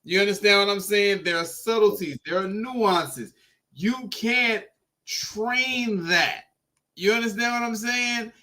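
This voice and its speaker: A man hosting a podcast, talking in an animated, emphatic and profane way. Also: sits high, slow pace. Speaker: podcast host. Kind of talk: casual podcast chat.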